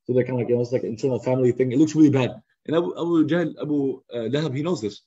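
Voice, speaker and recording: A man teaching a youth study circle in a lively, conversational storytelling style, acting out quotes over a video call. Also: mid-range voice, racing, breathy edge. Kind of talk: casual storytelling lesson. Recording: slightly muffled lo-fi recording.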